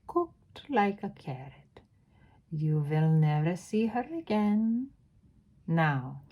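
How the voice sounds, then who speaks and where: Storybook villain: a woman playing a cruel witch queen, low and slow, chanting threats in a fake accent. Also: very animated, highs cut off, exaggerated voice. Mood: coldly menacing. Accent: put-on foreign accent. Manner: slow, chanting rhymes, loud. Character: menacing female witch ruler, cruel and theatrical.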